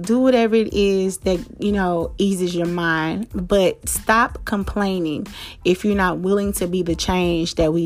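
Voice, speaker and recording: A woman's voice: mid-range voice, darkish tone. A woman hosting a podcast, talking straight to her listeners in a blunt, profane, emphatic way, repeating herself for stress. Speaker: podcast host. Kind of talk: casual direct-to-listener monologue.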